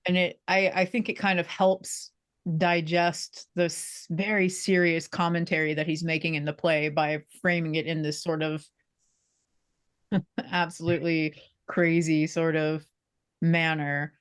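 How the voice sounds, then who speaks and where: A woman's voice: sits low, flat delivery, unhurried, clear, resonant tone. A young woman talking casually in an interview about acting, chatty and self-deprecating, with frequent restarts. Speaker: theater performer being interviewed.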